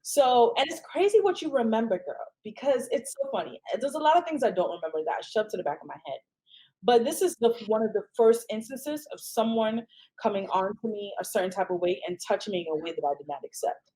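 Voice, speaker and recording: A woman hosting a podcast in casual chat, an animated storyteller who keeps asking "right?" and jumps high in pitch when quoting people. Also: fast talker, rough recording. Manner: frequent "um" and "right?". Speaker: podcast host.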